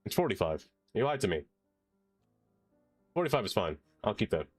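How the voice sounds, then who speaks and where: A man's voice: lowish voice, very animated, normal speed, no room sound, faint music behind. A man streaming a city-building game, chatting casually and joking to himself as he plays. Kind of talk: casual gameplay commentary.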